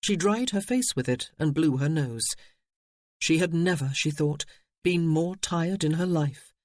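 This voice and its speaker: A man reading a novel aloud in steady audiobook narration. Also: on the high side, measured pace, no echo, studio quality.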